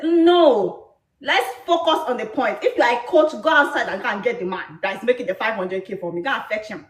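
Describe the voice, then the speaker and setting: High-voiced accented woman talk-show guest. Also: expressive, normal speed. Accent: foreign accent. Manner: insistent, defends her point. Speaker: podcast guest. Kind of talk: defensive conversation on a talk show. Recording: echoey room in a played clip.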